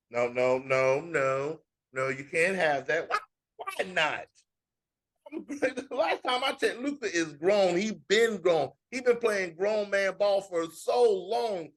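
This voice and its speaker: A man, co-hosting a sports podcast in casual, slang-heavy banter and animated rants. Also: fairly high pitch, moderate pace. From Fayetteville, North Carolina. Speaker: podcast co-host.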